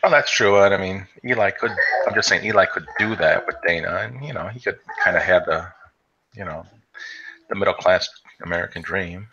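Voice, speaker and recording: A deep-voiced man talks a little fast while co-hosting a stream, his casual, rambling chat thick with fillers and restarts. He's from the Chicago area, and the lo-fi recording is dull with a steady hiss of noise.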